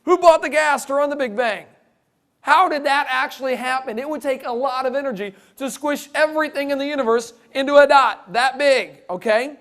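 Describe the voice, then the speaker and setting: A man's voice: very high voice, moderate pace. A man giving a humorous talk to a live audience, full of jokes and playful asides. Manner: joking, animated, playful asides. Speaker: creationist speaker.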